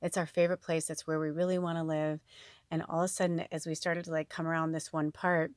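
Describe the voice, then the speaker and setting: A woman's voice: deep voice, level tone, fast talker, a little mellow, no room sound, studio quality. A woman telling a personal story to her viewers in a chatty, emotional way, full of quoted dialogue. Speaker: tarot reader and spiritual medium. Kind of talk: casual storytelling to camera.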